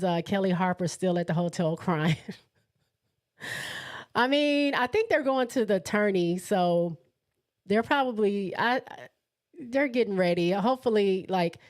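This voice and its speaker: A woman hosting a casual live sports chat, reading out viewer comments and laughing often as she talks. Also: on the low side. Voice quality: laughs often, excitable and chatty. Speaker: host of a live sports show.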